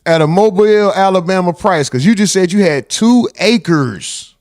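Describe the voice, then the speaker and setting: A man's voice: high-pitched, animated, normal speed, a little mellow, dry recording, clean studio sound. A man hosting a casual livestream, reading chat messages aloud and bantering in loose, profane talk.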